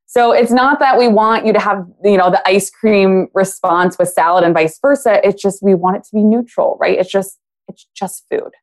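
A woman's voice: mid-range voice, normal speed. A woman talking casually on a podcast as a guest, explaining ideas with analogies and acted-out quotes.

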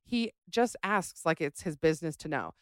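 A woman's voice: low-pitched, moderate pace, clear, resonant tone, no room sound, clean studio sound. A young adult woman hosting a podcast, chatting casually and ranting with sass about listener stories. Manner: sassy, animated, ranting. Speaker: podcast host.

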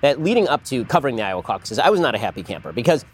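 Fast, animated man in his thirties. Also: mid-range voice, breathy edge. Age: 30s. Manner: fast, emphatic, lively delivery. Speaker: podcast co-host. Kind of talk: casual podcast banter.

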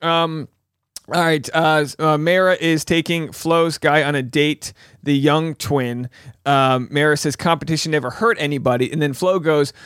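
A man in his thirties hosting a podcast, recapping a reality show with rambling jokes and quick mock voices for quotes. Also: on the high side, steady tone, fairly bright tone, clear, resonant tone, dry recording, studio quality.

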